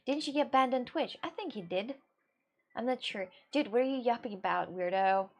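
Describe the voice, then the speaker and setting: Woman streamer, English speaker, casual live chat, animated and ranty, slightly high voice. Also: normal speed, dull audio. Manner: animated, ranting, laughs often, fillers like "you know".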